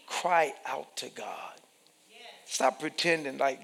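A man preaching a sermon, swinging from hushed whispers to loud, shouted passages. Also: a little high, animated, moderate pace, vocal fry, big-room sound. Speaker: pastor.

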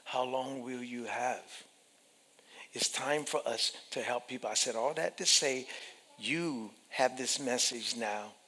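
A man preaching a sermon, emphatic and animated, repeating phrases and acting out the voices he quotes. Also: mid-range voice, slow pace. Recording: long hall reverb.

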